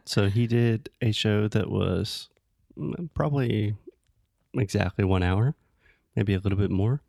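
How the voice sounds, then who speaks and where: Low gravelly man, patient explainer. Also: unhurried, no echo, studio quality. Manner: explains words patiently, corrects gently. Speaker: podcast co-host. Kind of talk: casual chat teaching English.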